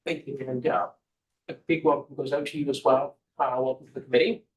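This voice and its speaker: A man's voice: medium pitch, steady tone, a little fast, low-quality recording. A man chairing a committee meeting, welcoming members and moving through items. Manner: welcoming, procedural.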